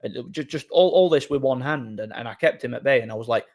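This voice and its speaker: A man hosting a livestream, telling a rambling anecdote in an animated, casual way and acting out quoted dialogue. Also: mid-range voice, quick pace. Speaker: livestream host. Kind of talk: casual storytelling to a live audience.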